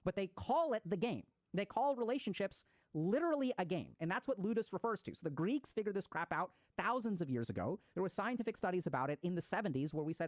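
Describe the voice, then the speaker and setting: A man's voice: high voice, expressive, fast talker, dry recording. A man giving a conversational lecture on psychology, explaining ideas and acting out short example voices.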